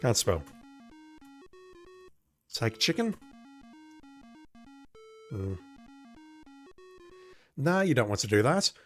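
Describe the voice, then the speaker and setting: A man's voice: medium pitch, very animated, extremely slow, pauses often, a bit bright, faint music behind. A man casually playing an old adventure game, reading its text aloud and making wry asides with occasional swearing. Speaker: let's play host.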